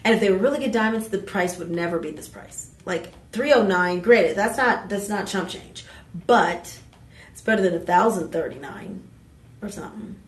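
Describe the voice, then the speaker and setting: A woman hosting a live home shopping show, pitching jewelry in a chatty, exuberant way with playful asides. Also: moderate pace. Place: TV shopping studio. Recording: roomy studio sound, mic at a distance.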